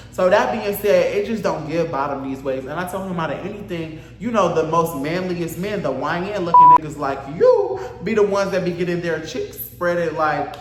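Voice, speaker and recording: A young man telling a storytime story in a casual, animated, profane and campy way, acting out the other people. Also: high voice, normal speed, few pauses, roomy sound. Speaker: storyteller vlogger.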